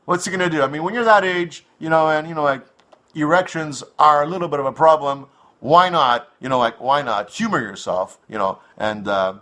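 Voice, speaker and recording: A man's voice: fairly high pitch, fairly quick, a bit bright. A man from North America hosting his own online show, rambling through a crude, swearing monologue full of fillers.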